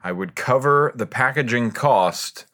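A man's voice: medium pitch, expressive, unhurried, bright, forceful tone. A man co-hosting a casual podcast chat, joking and laughing often. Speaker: podcast co-host.

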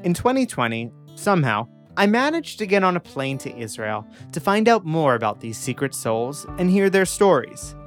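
A man's voice: a little high, big pitch swings, moderate pace, few pauses, faint music behind. A young man hosting a podcast, narrating a scripted intro earnestly and then asking questions. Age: young adult. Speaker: podcast host.

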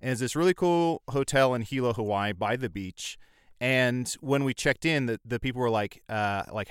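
A man telling a story as a guest in a casual chat, animated and self-deprecating. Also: medium pitch, brisk, clear, resonant tone, dry recording, clean studio sound. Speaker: podcast guest.

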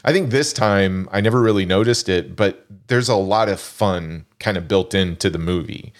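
A man casually discussing a film, animated and laughing often, with frequent restarts. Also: low voice, normal speed.

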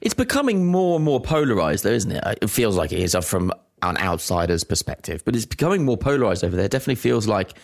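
A man's voice: lowish voice, big pitch swings, fast talker, creaky, few pauses. A man, chatting casually and telling stories on a podcast. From England. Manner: chatty, laughs often, tells stories. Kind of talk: casual chat.

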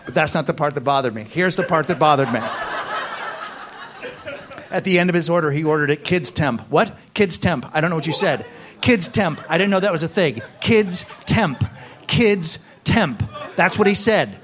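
A man doing a stand-up set, profane and ranting, building his bits up to shouted outbursts before a live audience. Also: a little high, lively intonation, fairly quick, slight background noise. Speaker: stand-up comedian.

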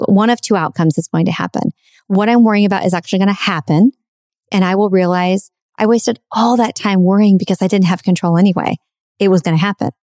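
A middle-aged woman hosts a podcast, offering an earnest, reflective spiritual self-help talk and repeating phrases for emphasis. Her medium-pitched voice is slightly mellow, captured with clean studio sound and no room sound.

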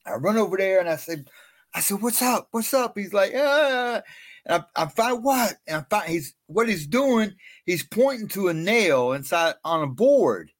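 A middle-aged man telling his life story as a guest in an interview, animated and self-mocking. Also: sits high, normal speed, dry recording.

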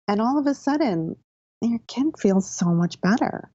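A woman guest on a podcast interview, calmly explaining parenting advice and acting out gentle things a parent might say. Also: a little high, moderate pace, dry recording, dull audio. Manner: calm, explanatory, acts out gentle parent lines.

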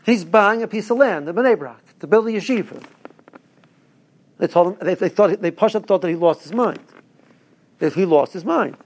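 A man's voice: high-pitched, lively intonation, moderate pace, pauses often. A man, a rabbi, giving a rambling Torah talk to his listeners with stories and asides. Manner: rambling, restarts, storytelling asides.

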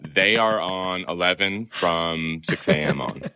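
A man talking as a guest film columnist in a casual interview, animated and chuckling as he speaks. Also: deep voice, takes it slowly, clean tone, no echo. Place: in Venice, remote.

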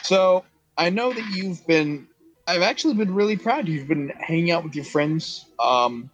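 A man's voice: fairly high pitch, very animated, husky, muffled recording, heavily acted. A man voicing a proud, doting middle-aged mother who gushes and halts with many fillers. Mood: proud, happy. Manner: gushing, halting with many fillers.

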